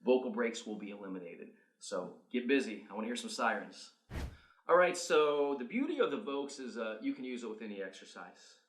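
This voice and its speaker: A man working as a vocal coach, talking singers through warm-up exercises in an energetic, coaching manner. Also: medium pitch, fairly quick, slight background noise. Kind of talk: instructional video demonstration. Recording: roomy echo.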